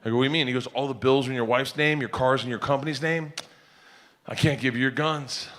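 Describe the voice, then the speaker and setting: A middle-aged man telling wild comic stories in a loud, rowdy way, often laughing and acting out other people's voices. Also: mid-range voice, fairly even intonation, quick pace. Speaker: comedian. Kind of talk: stand-up and podcast storytelling.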